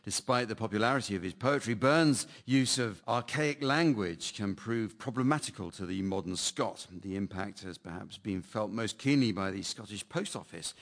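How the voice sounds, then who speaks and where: A man's voice: on the low side, fairly bright tone. A man hosting a comedy quiz show, reading scripted jokes drily and laughing at the panel's answers. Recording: noisy studio with audience laughter.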